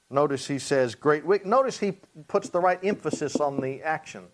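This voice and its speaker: A man, a pastor, teaching a Bible study, reading scripture slowly and explaining it in plain, everyday talk. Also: fairly high pitch. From Hawaii.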